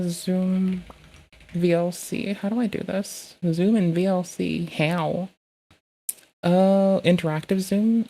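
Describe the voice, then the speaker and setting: Woman streamer muttering at her computer, kinda low voice, mellow, swears a lot. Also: gravelly. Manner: chatty, swears, talks to herself while fiddling with software. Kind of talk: casual live-stream chat, reading messages aloud.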